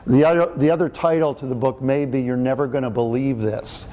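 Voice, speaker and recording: A man's voice: mid-range voice, fairly even intonation, fairly quick, dark tone, slight background noise. A middle-aged man giving a talk, telling a personal story in a chatty, joking way with frequent fillers and restarts. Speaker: speaker and author.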